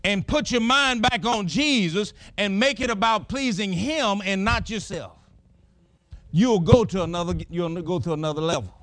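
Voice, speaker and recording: A preacher man with a high, bright voice and a delivers his sermon. He tells stories with feeling, rising into shouts at times. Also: moderate pace, no echo. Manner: storytelling preacher, shouts and laughs while telling it. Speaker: pastor.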